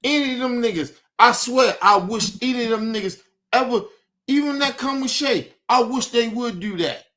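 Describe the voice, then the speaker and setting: A man's voice: extremely high pitch, normal speed, pushed and bright. Furious man ranting in street slang. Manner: angry, repeats himself, swears heavily. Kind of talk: heated on-air rant.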